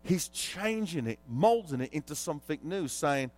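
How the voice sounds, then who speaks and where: Lively male pastor preaching. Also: a little high, moderate pace. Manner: animated storytelling, quizzes the congregation. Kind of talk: sermon.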